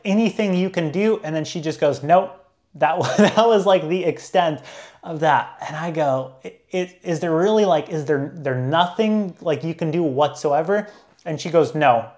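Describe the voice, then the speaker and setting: A man's voice: fairly high pitch, darkish tone. A young man, a travel vlogger, telling a story casually, full of filler likes and restarts.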